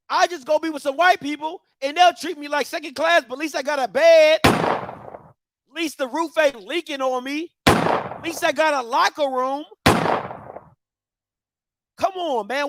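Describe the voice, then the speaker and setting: A man's voice: very high voice, a bit bright, no echo. A man hosting a commentary show, ranting passionately with repeated rhetorical questions and mocking voices of others. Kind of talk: passionate opinion rant.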